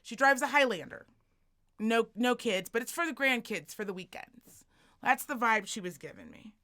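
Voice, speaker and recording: A woman co-hosting a podcast, telling a story as a profane, animated rant and acting out the people in it. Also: a little high, moderate pace. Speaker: podcast co-host.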